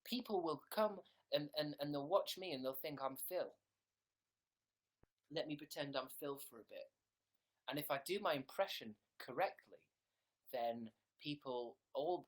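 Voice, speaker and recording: Husky and mid-range at a moderate pace, the voice belongs to a young man running a casual livestream in a room at home. He rambles and jokes, reads comments, and tosses in whispered asides.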